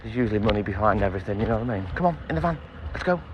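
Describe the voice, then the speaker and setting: A man's voice: fairly low pitch, animated, very fast, dull audio, background noise. A man, a milkman chatting casually on a live stream, greeting viewers by name and swearing freely from his delivery van. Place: delivery van on a milk round.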